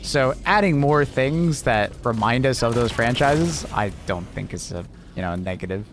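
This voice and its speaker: A man's voice: mid-range voice, expressive, normal speed, over music. A man casually chatting with his viewers on a gaming livestream, laughing often and answering chat.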